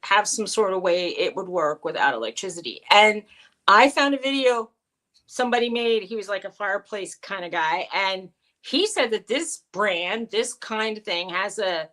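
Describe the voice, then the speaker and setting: A middle-aged woman co-hosts a casual live-stream chat, telling rambling stories and quoting the people in them like a chatty storyteller. Her medium-pitched voice is a bit bright with lively intonation at normal speed, on a rough recording.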